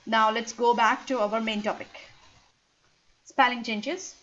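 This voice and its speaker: A woman's voice: on the high side, steady tone, measured pace, a bit bright. A woman teaching an ESL lesson, patiently spelling out letters and breaking words into sounds. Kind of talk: slow explanatory lesson. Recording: dull lo-fi recording.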